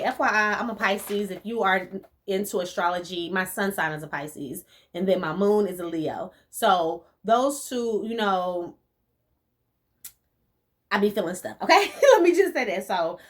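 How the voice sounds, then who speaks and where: A young woman from the rural US talks through viewer questions in a loose, chatty vlog voice. She is animated, laughs often and leans on relaxed slang. Her voice sits at a middle pitch for a woman. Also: measured pace. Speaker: vlogger answering viewer questions. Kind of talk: casual chat.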